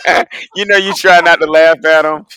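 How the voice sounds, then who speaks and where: A man's voice: on the high side, fairly even intonation, normal speed, crowd noise, poor audio. A man co-hosting a casual podcast chat, laid-back with chuckling asides. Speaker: podcast co-host.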